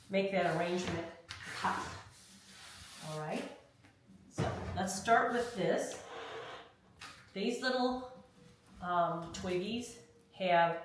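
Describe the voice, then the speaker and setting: A woman leading a hands-on craft tutorial, talking through each step in a chatty way and often checking in with "okay?". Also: medium pitch. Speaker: craft instructor. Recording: very echoey room, mic far off, faint noise.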